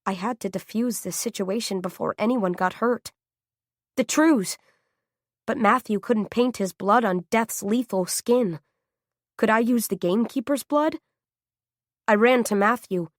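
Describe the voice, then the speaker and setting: A woman's voice: a little high, measured pace, long pauses, no echo, clean studio sound. Woman narrating a tense audiobook. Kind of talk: first-person novel narration.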